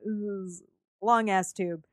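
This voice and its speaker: A woman co-hosting a casual chat about a film, animated and laughing, acting out lines in quotes. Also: mid-range voice, drawn-out words, no echo, clean studio sound. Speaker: podcast co-host.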